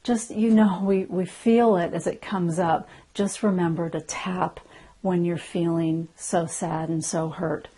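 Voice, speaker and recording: A middle-aged woman gently guiding listeners through an emotional tapping session, speaking slowly and softly. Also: on the low side, steady tone. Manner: gentle, slow and soothing, often soft and hushed. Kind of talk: guided EFT tapping session.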